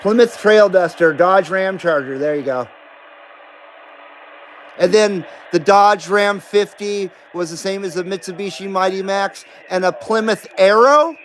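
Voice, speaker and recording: A middle-aged man from Nevada, US, hosts a CB radio livestream, chatting casually in a laid-back, rambling way and swearing and laughing often. His voice sits high and his pace is measured, on a rough recording.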